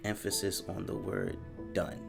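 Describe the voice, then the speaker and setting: A man with a deep, gravelly voice speaks slowly and thoughtfully, pausing often as he composes a letter to his father. Music plays clearly underneath. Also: flat delivery. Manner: halting and thoughtful, with frequent pauses and fillers. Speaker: interviewee.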